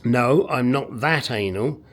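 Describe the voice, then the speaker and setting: A man's voice: mid-range voice, slow pace, a bit bright. A man working on a motorcycle in his garage, muttering to himself and swearing as he talks viewers through the job. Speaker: motorcycle restoration vlogger. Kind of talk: casual workshop commentary. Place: home garage workshop.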